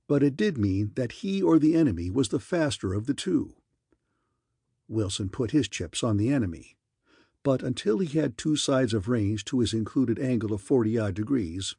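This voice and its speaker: A man narrating a science fiction audiobook in a steady storytelling manner. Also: mid-range voice, normal speed, creaky, husky, no room sound, studio quality. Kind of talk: scripted narration.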